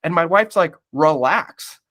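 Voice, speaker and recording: A man's voice: medium pitch, fairly quick, pushed and bright. A man talking candidly as a podcast guest, blunt and emphatic, swearing often and calling the listener "bro".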